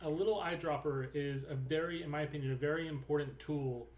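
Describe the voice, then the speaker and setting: A man hosting a podcast in casual chat, relaxed and prone to trailing off and restarting. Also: on the high side, fast. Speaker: podcast host. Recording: roomy echo.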